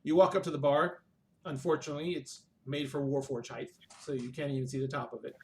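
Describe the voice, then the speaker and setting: A man running a tabletop game over a video call, his voice sitting a little high for a man. He narrates in an easygoing, relaxed way, with a faint hum behind him. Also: quick pace. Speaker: game master.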